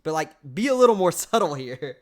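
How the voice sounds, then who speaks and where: A man's voice: on the high side, big pitch swings, fairly quick. A young man co-hosting a podcast, rambling through a casual episode recap with lots of fillers and asides. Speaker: podcast co-host.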